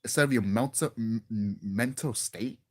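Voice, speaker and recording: A man's voice: fairly low pitch, moderate pace, a little mellow, breathy edge. A young man ranting casually to his viewers as a wrestling vlogger, profane and exasperated, often restarting and repeating himself.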